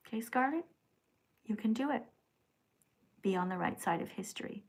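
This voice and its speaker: A middle-aged woman hosting a livestream, reading paid chat messages aloud and lecturing the sender in a preachy, scolding way, dropping to hushed whispers and rising to loud outbursts. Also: a little high, animated, moderate pace, gravelly, long pauses, slightly rough. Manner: preachy, scolding, repeats the commenter's name. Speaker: livestream host.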